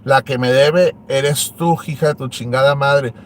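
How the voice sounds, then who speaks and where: A man's voice: mid-range voice, steady tone, moderate pace, slight background noise. A man hosting an online show, ranting and taunting a rival, switching between English and Spanish. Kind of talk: ranting livestream talk.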